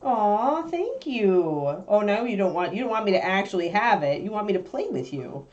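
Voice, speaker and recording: Woman host, casual stream chat, lively sing-song delivery, laughs easily, slips into a cooing voice for her dog. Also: mid-range voice, normal speed, lo-fi sound. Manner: animated, laughing, coos at her puppy. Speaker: livestream host.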